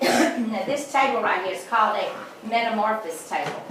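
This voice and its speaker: With an animated, mid-range voice at a moderate pace, a woman guide tells folksy, joke-filled stories while showing visitors around a large historic house. Background noise is present, and the audio sounds distant and echoey.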